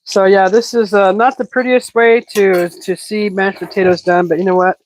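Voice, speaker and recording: A woman hosting a casual cooking livestream, chatting while she cooks, breathing a little heavily and breaking into excited squeals. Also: normal speed, no room sound, low-quality recording. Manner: chatty, improvising, bursts into excited high squeals greeting chat.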